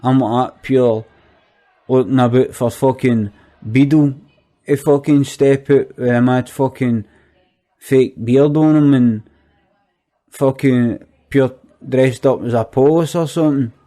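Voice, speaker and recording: A man's voice: medium pitch, fairly even intonation, takes it slowly, mellow, lightly acted. A man doing a sweary Glaswegian chancer. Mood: incredulous ranting. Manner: rambling, swears constantly, repetitive. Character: foul-mouthed skint young Glasgow man, incredulous. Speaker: comic monologue character. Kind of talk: sweary comic rant.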